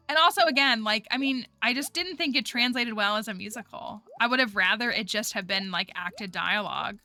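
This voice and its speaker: Here a woman from the United States streams a game and talks loosely, full of "like" fillers and rambling asides. Game music plays in the background, and her mid-range voice comes across gravelly, pushed and bright.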